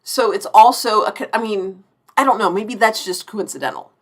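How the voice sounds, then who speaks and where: A woman's voice: medium pitch, moderate pace. A woman around forty hosting a live-stream TV review, effusive and chatty, often restarting her sentences mid-thought.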